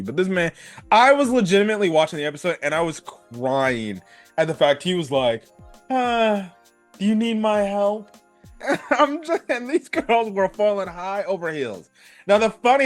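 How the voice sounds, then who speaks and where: A young man giving a casual, excitable anime review, laughing and using slang as he retells scenes. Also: high-pitched.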